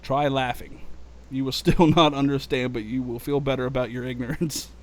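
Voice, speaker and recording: A man voicing a calm, dry-witted male alien envoy, reading in a slightly higher, softer, measured voice. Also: lightly acted.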